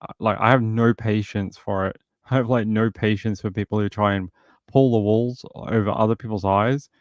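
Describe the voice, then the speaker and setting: Blunt fired-up man with a low voice. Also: steady tone, normal speed, no room sound, studio quality. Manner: blunt, fired-up, talks in run-on bursts with many fillers. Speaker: true crime livestream host. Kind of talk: casual livestream chat.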